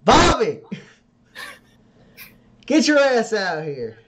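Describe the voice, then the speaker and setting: A man voicing a loud, bossy frontier woman who runs a saloon, with a gruff drawl, in a tabletop game. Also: a little high, lively intonation, brisk, slight background noise, pitched above the performer's own voice, lightly acted. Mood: hollering.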